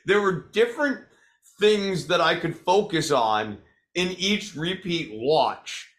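Bright, lively man in casual chat. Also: fairly high pitch, slow pace. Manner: enthusiastic, uses many fillers like "like". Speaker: podcast co-host.

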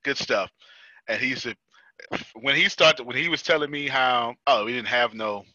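A man's voice: mid-range voice, moderate pace, sharp tone, dry recording, lo-fi sound. An American man hosting a casual business team meeting, telling stories with jokes and frequent laughter. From United States. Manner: joking, storytelling, laughs often. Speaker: meeting host.

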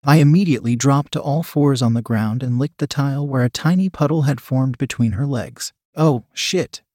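A man narrating an erotic story in the first person, reading in an even, unhurried way. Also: mid-range voice, no echo, studio quality. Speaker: story reader.

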